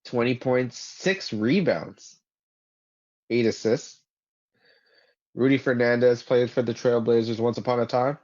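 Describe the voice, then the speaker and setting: A man's voice: medium pitch, measured pace, pauses often, darkish tone. A man co-hosting a sports podcast in casual chat, rattling off player stats with a dry, sarcastic edge. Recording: dull lo-fi podcast audio.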